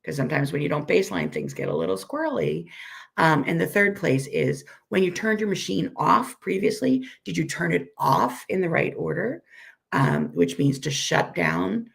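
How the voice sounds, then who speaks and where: A woman with a weak, hoarse voice from a recent illness gives a friendly, self-deprecating live software tutorial and repeats each step slowly. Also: lowish voice, very animated. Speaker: software instructor.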